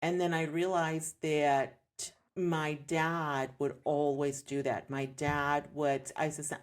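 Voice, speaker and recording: A woman's voice: sits low, takes it slowly, hardly any pauses. A woman in her thirties sharing her story in a candid interview, earnest and reflective. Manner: earnest, reflective, animated when quoting others. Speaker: podcast guest, homeschooling mom.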